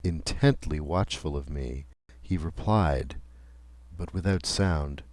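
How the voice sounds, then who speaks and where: Man reading an old ghost story audiobook, real deep voice, slow and careful, dry close sound. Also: darkish tone, no echo. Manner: measured and deliberate. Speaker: audiobook narrator. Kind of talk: scripted audiobook narration.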